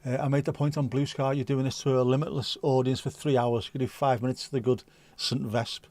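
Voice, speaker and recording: A man in his fifties hosts a relaxed livestream, chatting with viewers and spinning comic stories. His voice sits at an ordinary middle pitch, and the sound is dry and close, with no room around it. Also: a little fast, dry recording. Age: 50s. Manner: chatty, swearing, comic storyteller. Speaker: livestream host. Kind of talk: casual chat reading viewer comments.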